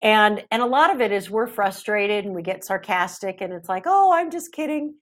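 Podcast guest: middle-aged woman, chatty and animated, mid-pitched voice. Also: moderate pace. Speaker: parenting expert guest. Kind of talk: podcast interview.

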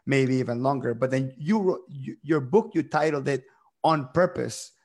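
A man's voice: medium pitch, moderate pace, darkish tone, breathy edge. A man interviewing a guest, asking long searching questions and restating her points.

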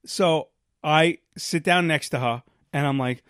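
A man telling a long, self-deprecating story on a casual podcast, full of rambling fillers and restarts. His voice sits a bit high for a man. The sound is close and dry. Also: a little slow, a bit bright, no room sound. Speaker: podcast co-host.

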